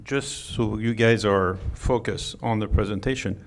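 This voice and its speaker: A man's voice: lowish voice, a little slow. French man giving a conference talk. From France. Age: middle-aged. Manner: joking, chatty, with many fillers and restarts. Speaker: conference speaker. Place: conference hall.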